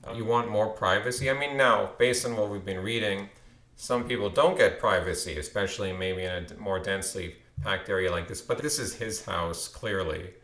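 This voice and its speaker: A man's voice: lowish voice, moderate pace, fairly bright tone. Rambling man in a roomy space. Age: 30s. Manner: rambling, with frequent restarts and repeated words. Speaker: channel host. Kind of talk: casual storytelling monologue.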